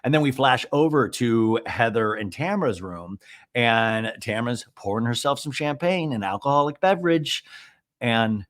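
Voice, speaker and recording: A man hosting a comedic TV recap podcast, retelling scenes in an animated, gossipy way. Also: medium pitch, measured pace. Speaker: podcast host.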